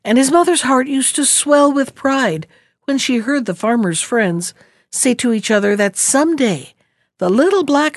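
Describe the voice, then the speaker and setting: A woman's voice: on the high side, dry recording. Woman reading a storybook, dry and close. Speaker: narrator.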